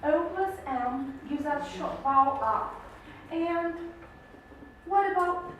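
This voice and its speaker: A woman with a high voice teaches an English class slowly, patiently and encouragingly, explaining through many questions. A camera mic across the room captures her, so the classroom sounds echoey and distant, with slight background noise.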